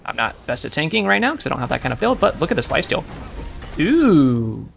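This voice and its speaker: A man's voice: a little high, big pitch swings, racing, creaky, pushed and bright, soft background music. A man giving casual, profane, sarcastic commentary while he plays a video game. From United States. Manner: brash, profane, sarcastic banter. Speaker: gameplay commentator.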